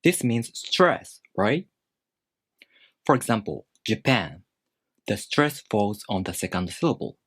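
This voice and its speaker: Lively low-voiced male teacher. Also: slightly rough, no echo, studio quality. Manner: deliberate, with spoken pitch demonstrations. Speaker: language teacher. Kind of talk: scripted explanatory lesson.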